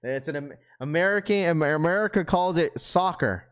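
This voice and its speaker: A man's voice: a little high, normal speed, clean tone. A man hosting a livestream in casual chat, reading out viewer comments in slangy talk and laughing often. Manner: slangy, keeps saying bro, reads viewer comments aloud; laughs often, loose and joking. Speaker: livestream host.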